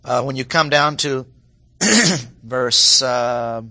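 A man preaching an expository sermon, emphatic, clearing his throat now and then and acting out quoted lines. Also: mid-range voice, very slow, bright, forceful tone. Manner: clears throat often, restarts phrases.

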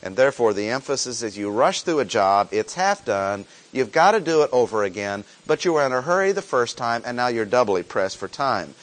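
A man teaching a sermon in an unhurried, deliberate voice. He reads scripture aloud and then explains it in plain words, repeating the key phrases for emphasis. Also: mid-range voice, sing-song. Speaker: preacher.

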